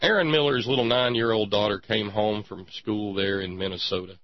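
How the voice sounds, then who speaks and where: A man's voice: on the low side, moderate pace, no room sound, dull audio. A man hosting a satirical talk show, delivering a mock-preacher monologue in a folksy, sarcastic drawl.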